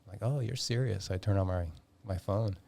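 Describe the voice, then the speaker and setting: A man in his fifties telling a long story in a casual podcast chat, animated, swearing freely and acting out the dialogue. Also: on the low side, a little fast, vocal fry. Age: 50s. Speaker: podcast guest.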